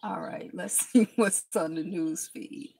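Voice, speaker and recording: Chatty woman with a cold, gravelly voice. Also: on the low side, a little slow, mellow, slight background noise. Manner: chatty, greets viewers by name, laughs often. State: has a cold. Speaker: live-stream host. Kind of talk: casual live-stream chat. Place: inside a car.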